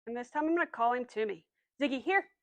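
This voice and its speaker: A woman dog trainer patiently walks through commands one step at a time in an instructional demo, then gives the dog short, firm cues. Her voice sits on the high side and is expressive, and she talks fast. The recording is rough, with no room sound.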